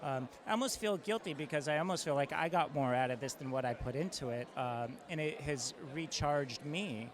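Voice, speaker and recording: A man, an eye surgeon, speaking enthusiastically and with feeling about mentoring, halting with fillers. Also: on the high side, a crowd in the background. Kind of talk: interview answer.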